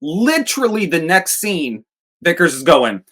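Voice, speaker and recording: A man in casual podcast chat, tearing into a film with crude jokes. His pitch swings widely as he acts out the characters, and his delivery stays loose and mocking. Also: lively intonation, moderate pace, a bit bright. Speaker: podcast co-host. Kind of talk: casual movie review chat.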